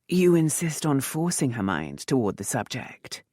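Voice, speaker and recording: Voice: mid-range voice, very animated, moderate pace, warm tone, no echo, studio quality. A narrator voicing a commanding, sardonic aristocratic rake who speaks in a lightly mocking drawl.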